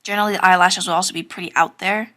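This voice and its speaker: A young woman narrates an anime drawing tutorial in a casual, chatty way, speaking very fast in a low, steady, sharp-toned voice. She uses lots of fillers and giggles self-consciously now and then.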